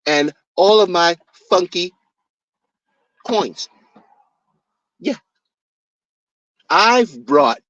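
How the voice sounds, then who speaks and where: A man's voice: a bit bright, no room sound. A man putting on the voice of a boastful, condescending male crypto founder who talks down to a critic. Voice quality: low, mocking, self-important. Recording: dull dry lo-fi recording.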